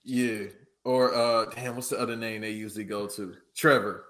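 A man's voice: lowish voice, fairly even intonation, normal speed, a bit bright. A man from the West Coast of the US, co-hosting a podcast in laid-back, teasing, profane chat. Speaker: podcast co-host. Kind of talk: casual chat.

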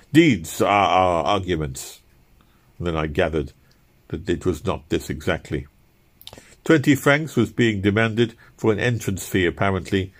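A man's voice: deep voice, slightly rough. A man narrating an audiobook in the first person, reflective, with occasional fillers.

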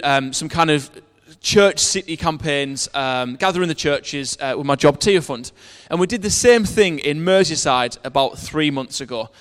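A man delivers a sermon, weaving a personal story around scripture readings in an earnest way and often restarting his phrases. His voice sits a little high for a man. The long reverb of a hall trails behind every line. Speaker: preacher.

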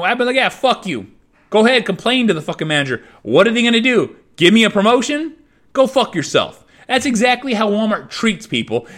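A man's voice: sits high, a bit bright. A man hosting his own podcast, delivering an angry, profanity-heavy rant in a fuming, repetitive way. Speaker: podcast host.

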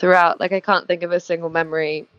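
A young woman on a phone call, chatting in a quick, teasing way. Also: fairly low pitch, little pitch movement, fairly bright tone, clear, resonant tone, no room sound. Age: young adult. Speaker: caller, guest's daughter. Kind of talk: casual phone chat. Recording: muffled phone line.

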